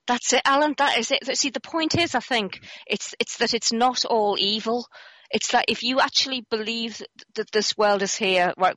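A woman's voice: fairly low pitch, fairly bright tone, no room sound. A woman guest in a casual conversation, speaking in an earnest, emphatic way.

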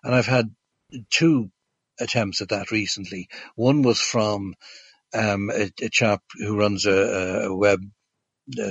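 A man's voice: lowish voice, a bit bright, husky, no echo. A man telling a long story as a guest, hesitant with many fillers and restarts, on a dull lo-fi recording. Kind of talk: casual storytelling.

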